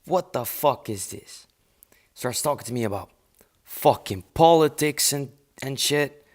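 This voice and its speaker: A man live streaming, ranting casually and swearing a lot. He sounds dismissive and rambles, breaking off and restarting mid-sentence. His pitch sits in a middle range for a man. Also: lively intonation, measured pace, darkish tone. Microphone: earphones with mic.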